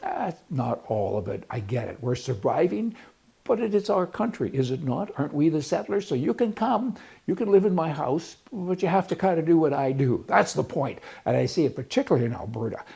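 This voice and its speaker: An older man talks through his opinions in a loose, folksy ramble. His voice is very husky and gravelly, with a dark, mellow tone. He sounds opinionated and unhurried, like a regular host holding forth. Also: on the high side, very animated. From Canada. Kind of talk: rambling political commentary.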